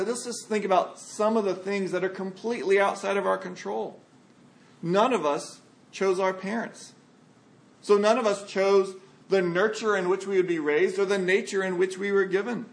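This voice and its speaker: High gravelly-voiced male pastor preaching. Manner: earnest, plain-spoken preaching with rhetorical questions. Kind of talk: sermon.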